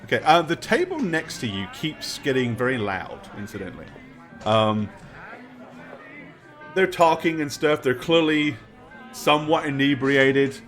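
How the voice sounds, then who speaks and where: A man's voice: mid-range voice, expressive, unhurried, pauses often, fairly bright tone, soft background music. A man narrating a tabletop game as game master, chatty and rambling. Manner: chatty, rambling, laughs often.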